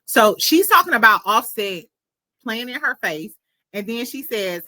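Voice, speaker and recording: A woman's voice: fairly high pitch, sing-song, a little slow, sharp tone, no room sound. A woman hosting a casual gossip show, chatty and sassy, laughing often. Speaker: podcast host.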